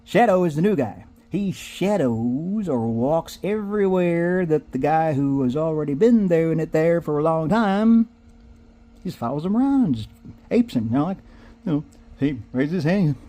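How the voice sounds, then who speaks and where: A comedic storyteller spins a rambling, digressive comic tale in a drawling, folksy way, acting out its characters. His voice is fairly high, animated and mellow, moving at a moderate pace.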